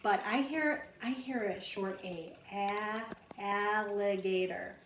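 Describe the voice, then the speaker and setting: Slow, patient woman teaching letter sounds. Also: fairly high pitch, expressive. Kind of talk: phonics lesson for young children. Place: home. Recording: roomy echo, mic at a distance, faint background noise.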